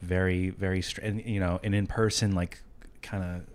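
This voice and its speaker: Low-voiced man, halting and hesitant. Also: little pitch movement. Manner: halting, hesitant, many restarts. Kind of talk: casual chat.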